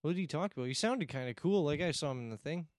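Crude, joking podcast co-host. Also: male voice, fairly high pitch, animated, fast talker, no echo, clean studio sound. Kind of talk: casual comedic banter.

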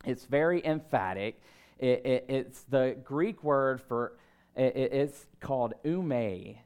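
A man in his thirties preaching a sermon, telling stories about himself in a relaxed, conversational way and breaking into emphatic bursts. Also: mid-range voice, takes it slowly, clear, resonant tone. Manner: conversational, self-deprecating storytelling with emphatic bursts. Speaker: pastor.

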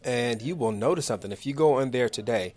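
A man's voice: medium pitch, quick pace, a little mellow. A man in his forties hosting a live radio talk show from a studio, chatty, friendly and upbeat as he runs through announcements.

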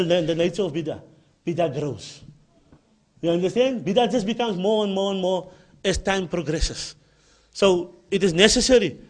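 Cape town guy giving a religious talk, high voice, hammers points home by repeating them. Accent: Cape Town South African. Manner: emphatic, repeats key points. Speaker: Islamic lecturer. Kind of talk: religious lecture.

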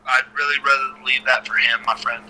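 A man, a former wrestler, telling stories as a podcast guest in an animated, chatty way with lots of repeated starts. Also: mid-range voice, brisk, music in the background, poor audio. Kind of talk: casual storytelling interview.

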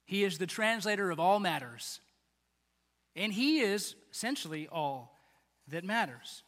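A man with a very high, bright voice preaches a sermon. He talks in a chatty, animated way. His voice rings out with the long reverb of a big hall. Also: a little slow. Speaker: pastor.

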